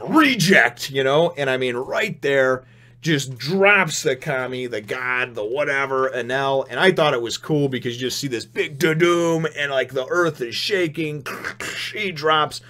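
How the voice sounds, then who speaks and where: A man in the middle of his range talks through a comic chapter in a loose, rambling way. He gets excited, chuckles often and restarts his sentences as he goes, keeping the feel of an unscripted review. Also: mid-range voice, normal speed. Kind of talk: casual spoken review.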